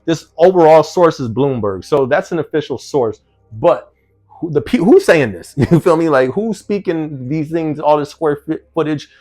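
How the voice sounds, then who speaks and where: Brief: man from New Jersey, mid-pitched, casual vlog commentary with faint music under it, laughs between lines. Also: darkish tone. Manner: conversational, laughs often, rhetorical questions. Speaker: vlogger. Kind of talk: casual commentary reading an article.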